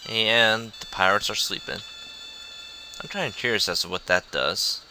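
A man's voice: on the low side, moderate pace, bright, forceful tone, soft background music, poor audio. A man giving casual, jokey commentary on a video game, reading the dialogue aloud in goofy voices. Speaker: let's play host.

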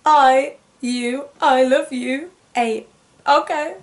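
A young woman reacting on her vlog, excitable and rambling, often gasping. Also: high voice, extremely slow. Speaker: music reaction YouTuber. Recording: faint music playing behind. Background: faint music.

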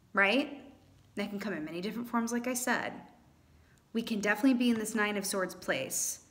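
A woman talks viewers through a tarot spread in a loose, chatty way. Her pitch swings widely, and playful exclamations break into her talk. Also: a bit bright. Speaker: tarot reader. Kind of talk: casual tarot reading monologue.

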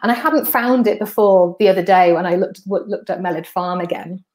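A woman's voice: on the low side, fairly quick, a little mellow. A woman from North Wales, hosting a podcast and chatting through her slides step by step. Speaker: podcast host. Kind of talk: casual explanatory walkthrough of slides.

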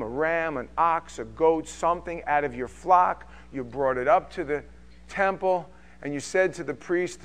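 Emphatic preaching man. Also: on the high side. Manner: emphatic preaching with shifts between loud and quiet. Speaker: pastor. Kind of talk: sermon. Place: church sanctuary.

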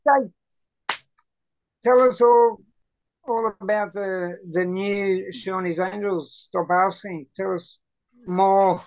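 A man's voice: sits high, fairly even intonation, takes it slowly, pauses often, a little mellow, highs cut off. An Australian man hosting a podcast, chatting casually and telling rambling, sweary stories over drinks. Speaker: podcast host.

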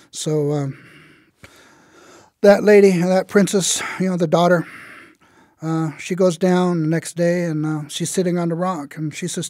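A man telling a traditional tale in a relaxed, conversational way with frequent fillers. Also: high-pitched, a little slow, long pauses, no room sound, studio quality. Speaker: storyteller. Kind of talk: oral storytelling of a traditional tale.

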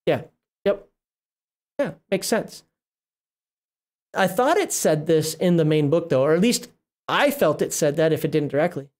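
A man's voice: on the high side, lively intonation, unhurried, long pauses, a little mellow. A middle-aged man hosting a casual livestream, reading rules aloud and rambling, often breaking off mid-word. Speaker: livestream host reviewing a tabletop RPG book.

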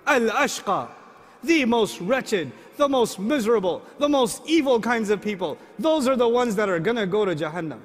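A middle-aged man preaching a sermon, asking the audience lively rhetorical questions. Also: sits high, normal speed. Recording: long hall reverb.

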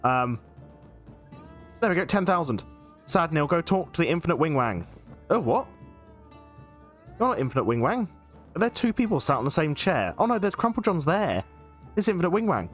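A man gives chatty, excitable commentary over a video game, with plenty of fillers as he goes. His voice sits fairly high for a man. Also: a little fast, soft background music. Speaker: gaming channel host. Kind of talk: let's play commentary.

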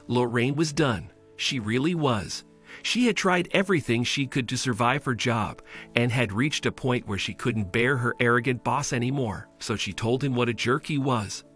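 A man giving scripted story narration in an even, steady way. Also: medium pitch. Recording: faint music bed.

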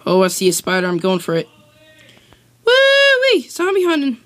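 A gamer chatting casually during a co-op game, bossy and teasing, breaking into excited whoops. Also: mid-range voice, fast talker. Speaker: let's play gamer. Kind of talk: casual co-op gaming chat.

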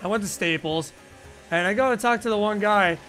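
A man hosting a live gaming stream, chatting casually in a rambling, profane way full of "like" fillers, into a boom-arm microphone at his home desk. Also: brisk, pushed and bright. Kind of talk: casual chat while gaming.

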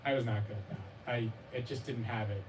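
A man's voice: on the low side, fairly quick, background noise. A man at a live bookstore event talking about his memoir, rambling and self-deprecating, with many restarts and fillers, often acting out the voices of others with a laugh. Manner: acts out his child's and readers' voices with laughs. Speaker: author discussing his memoir. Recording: distant mic with room ambience.

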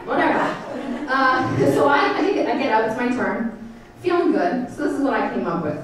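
Animated woman comedian in her thirties. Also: normal speed, background noise. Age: 30s. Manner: animated, bursting into high shouty bits. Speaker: stand-up comedian. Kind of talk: stand-up set. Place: comedy theater stage. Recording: roomy, distant stage sound with crowd. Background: audience laughter.

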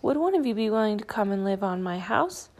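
A woman voicing a curious, polite male hermit crab in a storybook read-aloud, asking gently and courteously. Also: mid-range voice, big pitch swings, brisk. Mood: gentle, polite.

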